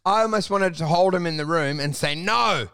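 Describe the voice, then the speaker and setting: A young man co-hosting a comedy podcast, telling stories in animated bursts, acting out quotes with big jumps in pitch, laughing often. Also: quick pace, clean tone. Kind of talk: casual podcast banter.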